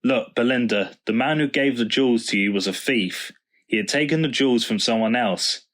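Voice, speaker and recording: A gentle, thoughtful father who speaks in a patient, explaining way, read by a male storyteller. He sounds calm and fond, with a lift of brightness. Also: medium pitch, normal speed, lightly acted. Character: kind, patient father and vicar. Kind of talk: storybook reading.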